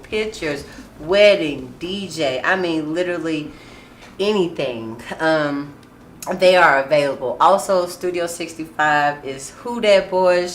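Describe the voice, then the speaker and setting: A woman hosts a casual talk show, her voice sitting a little low and laughter bursting through often. She talks loosely and frankly. The sound is echoey, with faint noise behind her. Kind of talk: casual chat.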